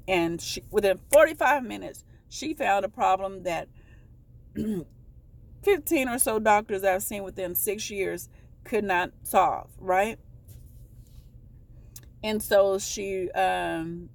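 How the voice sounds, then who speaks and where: A woman vlogger telling a personal story in a casual, rambling way, often halting to correct herself. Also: mid-range voice, gravelly.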